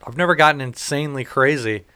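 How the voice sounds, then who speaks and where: Smooth-voiced man in his thirties, ranting. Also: mid-range voice, fast talker, pushed and bright. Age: 30s. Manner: profane, ranting storyteller. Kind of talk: casual chat.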